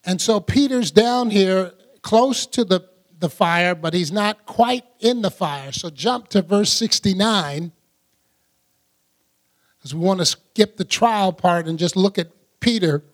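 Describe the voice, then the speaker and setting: A man's voice: high-pitched, slow pace. A man preacher giving conversational Bible teaching, chatty, laughing often and acting out scenes.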